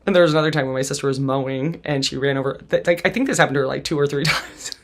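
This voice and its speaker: A woman's voice: very deep voice, very fast. A woman in her forties hosting a podcast, telling her own family story bluntly and with swearing, often laughing through hard memories. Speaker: podcast host. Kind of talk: candid personal storytelling.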